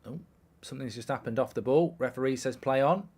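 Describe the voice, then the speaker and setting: This man, in his thirties, talks a little fast in a mid-range, darkish, slightly rough voice. He's running a live football watchalong, chatting casually and reading viewer questions out in a dry, offhand way.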